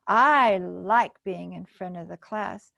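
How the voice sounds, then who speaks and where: Eager little girl in a storybook, a woman reading, slow and dry sounding. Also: medium pitch, vocal fry, sharp tone, no echo, pitched below the performer's own voice, full character voice. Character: eager young girl, a bit nervous.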